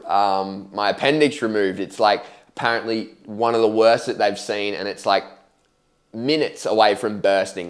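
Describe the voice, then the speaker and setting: A young man speaks to camera in a casual storytelling way, his voice sitting a little low. He is candid and slangy, swears freely, and acts out what he said and thought at the time. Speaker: vlogger telling his life story.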